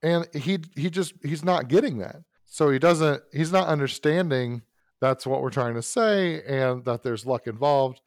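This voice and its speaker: Brief: male podcast host, mid-pitched, dry close sound, loose rambling storytelling. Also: a little slow, no room sound. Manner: rambling, self-correcting anecdote with frequent asides. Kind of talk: casual storytelling.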